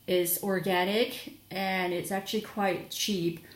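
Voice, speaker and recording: A woman's voice: medium pitch, level tone, takes it slowly, echoey room. A young adult woman chatting casually in a rambling product review vlog, sleepy and full of fillers and restarts. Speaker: vlogger.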